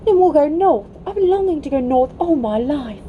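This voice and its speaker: A woman's voice: lively intonation, moderate pace, narrow, tinny audio, a little hiss or hum. Woman doing an eager, timid young boy. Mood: eager, nervous. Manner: eager, higher and hesitant.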